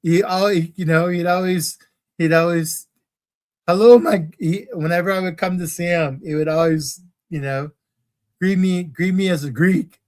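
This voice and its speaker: A man's voice: high voice, steady tone, normal speed. A man co-hosting a crochet livestream, telling a story in casual chat with many restarts.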